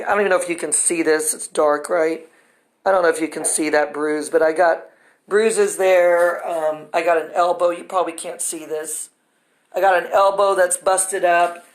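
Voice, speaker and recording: A woman recording a video of herself inside an empty construction building, telling her story in an urgent, distressed, rambling way full of asides. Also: lowish voice. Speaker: vlogger recounting personal ordeal. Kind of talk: rambling emotional monologue to camera.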